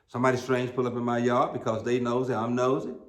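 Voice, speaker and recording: A man's voice: medium pitch, level tone, quick pace. A middle-aged American man preaching a sermon as pastor, telling folksy, humorous stories with emphatic peaks. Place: church sanctuary. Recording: roomy church sound.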